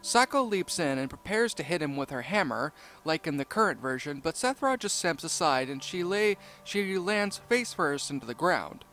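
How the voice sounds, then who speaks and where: A man reading a creepypasta story aloud in a steady, measured narration. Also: fairly high pitch.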